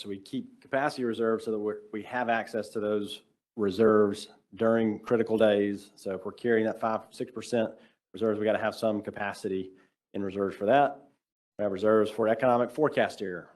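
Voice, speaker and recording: A man giving a measured, explanatory technical presentation on a video call, in casual phrasing. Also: lowish voice, fairly even intonation, darkish tone. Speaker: workshop presenter.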